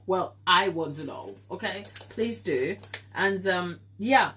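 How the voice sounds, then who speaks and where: A woman's voice: on the low side, takes it slowly, sharp tone, slight background noise. A woman with a stuffy nose hosting a live baking stream from her kitchen, chatting casually with viewers and laughing often. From Africa. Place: home kitchen.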